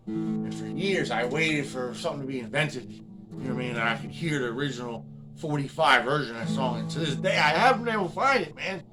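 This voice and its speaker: A man's voice: mid-range voice, lively intonation, fast. A man in his fifties telling a rambling, casual story, swearing freely and tagging his sentences with "man" and "you know what I mean". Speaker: guitar restorer and vlogger. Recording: loud guitar playing behind the voice.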